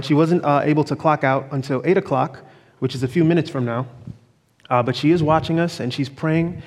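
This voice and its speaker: Fervent male preacher in a reverberant sanctuary. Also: on the high side. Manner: fervent, sweeping rises and drops in loudness. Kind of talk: evening sermon. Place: church sanctuary with pews. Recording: long church reverb.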